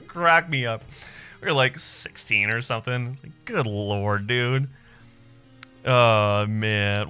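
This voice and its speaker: A man in his thirties hosts a live stream and chats with his viewers in a loose, profane, laugh-filled way. His voice is bright, and his pitch swings widely as he talks. Faint music plays quietly behind him. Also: expressive, slow pace, clear, resonant tone. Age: 30s. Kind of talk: casual chat with viewers.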